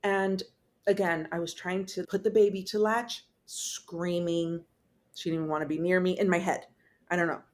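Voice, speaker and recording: A woman's voice: fairly low pitch, fairly even intonation, normal speed. A young woman, a podcast guest, telling her personal story in a candid, casual way with swearing, fillers and restarts.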